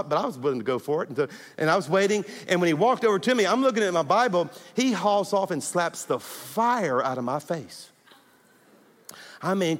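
A middle-aged male pastor with a high voice delivers an animated sermon, urging his congregation on. A long reverb carries his voice through a large church hall.

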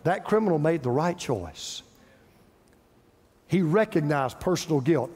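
A man preaching a sermon as pastor, with dramatic pauses and repetition. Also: a little high, lively intonation, darkish tone, husky, big-room sound.

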